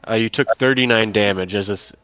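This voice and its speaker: A man's voice: lowish voice, brisk, fairly bright tone, clean tone, no room sound, lo-fi sound. A man serving as game master, narrating a tabletop game in a casual, stop-start way with many fillers, over an online call.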